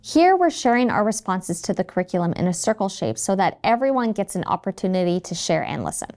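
A woman's voice: mid-range voice, very animated, quick pace, a little mellow. A woman in her thirties giving scripted, friendly instructional narration for a teacher training video. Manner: friendly, acts out quoted phrases. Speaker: trainer for educators.

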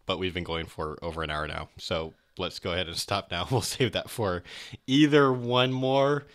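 A man co-hosting a podcast in casual discussion, chatty and quick to laugh, with animated asides. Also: low-pitched. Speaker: podcast co-host.

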